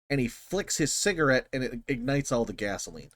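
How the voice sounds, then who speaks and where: A man talks through a film scene in relaxed, rambling commentary, his voice rising and falling in a lively way. He swears freely and circles back on his words. The sound is close and dry, with almost no room echo. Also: medium pitch, fairly quick. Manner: rambling, profane, animated. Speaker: channel host. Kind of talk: casual explanatory commentary.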